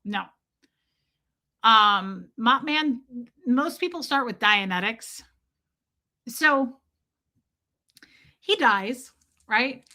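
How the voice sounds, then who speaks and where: A woman with a fairly high, bright, forceful voice tells a story on her livestream. She talks bluntly and swears freely. She breaks off now and then to greet viewers by name. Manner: blunt, profane, reads viewer names aloud mid-story. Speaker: livestream host. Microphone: streaming setup mic.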